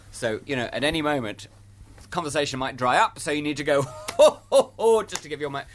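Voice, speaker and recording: A man's voice: fairly high pitch, brisk, a bit bright, slight background noise. A middle-aged man explains how to play Father Christmas in a playful, theatrical way. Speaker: Santa trainer. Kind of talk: explanatory interview talk.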